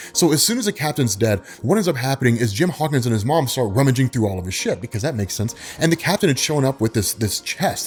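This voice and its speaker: A young man retelling a story in a casual, animated, slangy way with lots of fillers. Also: mid-range voice. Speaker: vlogger.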